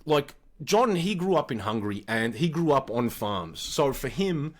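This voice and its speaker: A man in his forties with an Australian accent, a podcast co-host telling wild childhood stories in a blunt, profane, animated way. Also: mid-range voice, moderate pace. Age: 40s. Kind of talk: casual storytelling.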